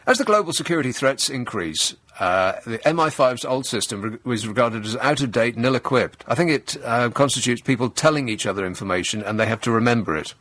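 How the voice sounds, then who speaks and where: A man's voice: medium pitch, fairly quick, few pauses, dry recording. Sarcastic male radio host. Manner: sarcastic, deadpan mockery. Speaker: radio talk show host. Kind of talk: satirical radio monologue. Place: radio studio. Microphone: close studio microphone.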